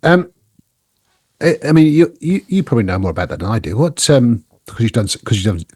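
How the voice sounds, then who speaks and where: Husky, rambling man. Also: mid-range voice, very animated, darkish tone, no room sound. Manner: rambling, halting, many fillers and restarts. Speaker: podcast co-host. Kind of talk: casual chat.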